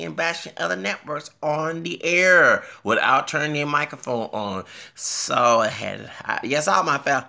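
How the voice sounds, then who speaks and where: A young man from Houston with a Texan drawl talks in loose, rambling vlog commentary. His voice is gravelly with a sharp, bright edge. He gets excitable, and his pitch leaps up when something amuses him. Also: measured pace, hardly any pauses. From Houston, Texas. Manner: chatty, excitable, laughs and jumps in pitch. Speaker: vlogger. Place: home bathroom.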